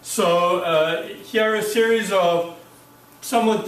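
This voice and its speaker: A man giving an academic conference talk, halting, with many fillers and restarts. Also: high voice, fairly bright tone, slight background noise. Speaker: academic speaker. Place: lecture room. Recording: echoey room, mic far off.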